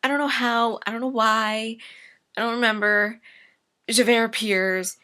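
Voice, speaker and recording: A young woman rambles through a comic story summary with sarcastic asides. Her voice is bright and forward, and she takes her time. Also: fairly high pitch, steady tone, measured pace, smooth.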